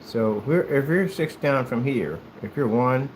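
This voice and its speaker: A man from the United States chatting casually while he plays, telling rambling, animated stories in a hyperactive way. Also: mid-range voice, measured pace, a little hiss or hum. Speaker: gaming streamer. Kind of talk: casual chat while playing.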